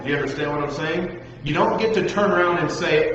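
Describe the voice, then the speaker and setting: A man preaching a lively sermon to young listeners, talking straight at them and acting out the voices of the people he describes. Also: on the high side, brisk, hardly any pauses. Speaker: pastor. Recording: dull, echoey hall recording with faint noise.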